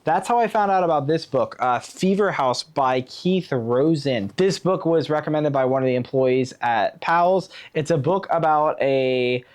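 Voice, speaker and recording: A man chatting casually on his book vlog, enthusiastic and rambling with fillers, pitching his summer reading picks. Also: measured pace, hardly any pauses. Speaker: book vlogger. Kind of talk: casual chat. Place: Oregon.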